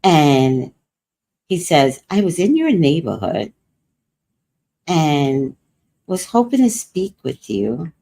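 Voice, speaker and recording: With a low-pitched voice, slow delivery and long pauses, this older female livestream host shares a personal story in relaxed chat. She tells it in an animated way, voicing the words of others.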